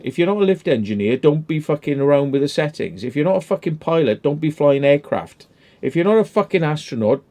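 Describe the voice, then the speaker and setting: A man's voice: fairly high pitch, warm tone. A man, hosting a casual commentary chat, blunt and emphatic with heavy swearing. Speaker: channel host.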